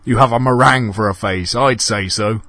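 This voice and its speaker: A man's voice: lowish voice, moderate pace, bright, forceful tone, no echo. Brief: frightened stammering man, played by a man, dry close sound. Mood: nervous. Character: nervous stammering pipe-loving man.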